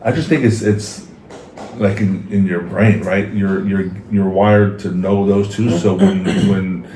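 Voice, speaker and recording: A man with a very deep, dark voice talks slowly through an idea, searching for his words. He sounds echoey, with faint noise behind him. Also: fairly even intonation. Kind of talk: casual chat.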